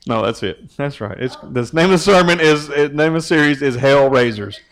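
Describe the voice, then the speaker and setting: A youth pastor gives a relaxed sermon. He teases his listeners and keeps throwing questions at them, his voice sitting slightly high for a man. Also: moderate pace. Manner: joking, teasing, asks the group questions.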